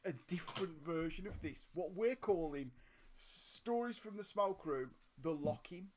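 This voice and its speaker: A man hosting a loose live stream chat, his voice hoarse and scratchy from a sore throat. He rambles with plenty of restarts, and his pitch swings up and down a great deal. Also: expressive, measured pace. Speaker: podcast host.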